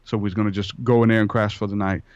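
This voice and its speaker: A man's voice: on the low side, flat delivery, very fast, a little mellow, clean tone, no room sound. A man, a podcast guest, telling a rambling personal story in a casual way and acting out the dialogue. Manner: rambling, acts out quoted dialogue. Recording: dull lo-fi sound.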